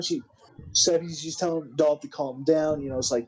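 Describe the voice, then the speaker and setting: A man's voice: on the high side, fairly even intonation, normal speed, poor audio. A young man giving a casual, rambling recap of a wrestling game, swearing often and restarting his sentences. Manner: rambling, profane, full of restarts and 'like'. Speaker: game commentator.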